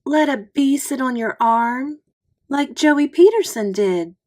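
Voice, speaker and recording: A woman voicing an excited, bossy fourth-grade girl with a squeaky voice in a storybook read-aloud. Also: slow pace. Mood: eager. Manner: eager, insistent, shrill bursts.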